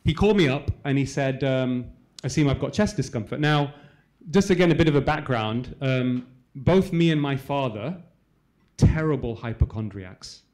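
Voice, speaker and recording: A man from England, a cardiologist, telling a personal story to a live audience in a fast, conversational way, dropping to a hushed voice in the sad parts. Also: mid-range voice, expressive. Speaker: cardiologist speaker. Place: conference hall.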